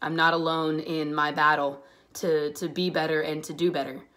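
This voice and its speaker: A woman in her twenties from the Pittsburgh area, speaking earnestly in a personal vlog, halting at first and growing more emphatic. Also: low-pitched, little pitch movement, fairly bright tone. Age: 20s. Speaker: vlogger.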